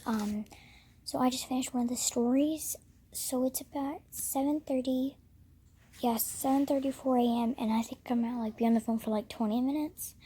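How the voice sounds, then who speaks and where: A woman's voice: high-pitched, steady tone, moderate pace, dark tone, a little hiss or hum. A teenage girl vlogging at home about finishing a book series, gushing, often whispering and exclaiming "oh my gosh.". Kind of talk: casual vlog. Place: at home, in her bedroom.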